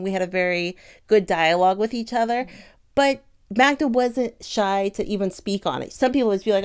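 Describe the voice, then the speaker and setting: A woman's voice: mid-range voice, clear, resonant tone. A woman co-hosting a casual chat, talking in long rambling runs. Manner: chatty, rambling with fillers. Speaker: co-host.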